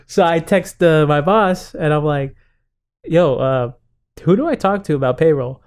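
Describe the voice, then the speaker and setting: In a relaxed podcast conversation, a young male co-host spins an animated story, voicing other people's lines and frequently breaking into laughter. His voice sits a little high and sounds smooth, with a slow pace and frequent pauses.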